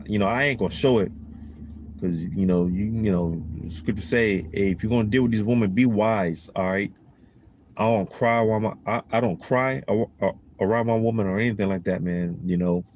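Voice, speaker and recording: A man's voice: on the low side, darkish tone. A man giving a casual preaching monologue in a rambling, emphatic, slangy way, full of "you know" and "man.".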